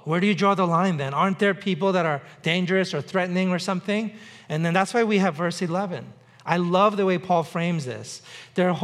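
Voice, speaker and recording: A man's voice: high-pitched, fairly bright tone. A man preaching a sermon in a conversational way, with repetition and dry humor. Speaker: pastor. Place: church on Mercer Island.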